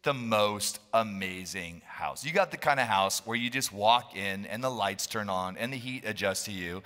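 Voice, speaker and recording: A man preaching a sermon as a pastor, passionate and often yelling, joking with his congregation. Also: lowish voice, normal speed. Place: church hall. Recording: long reverb of a church hall.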